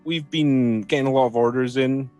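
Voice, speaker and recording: A man's voice: medium pitch, fairly even intonation, moderate pace, warm tone, faint music behind, natural voice. A man voicing a jittery, nervous young woman clerk who stammers and apologizes.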